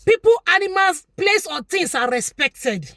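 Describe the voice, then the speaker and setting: A Nigerian woman delivers a preachy commentary monologue to her viewers. Her high voice leaps up and down with lively emphasis, and she repeats lines to drive points home. The sound is close and dry. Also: a little slow, dry recording. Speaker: vlogger commentator.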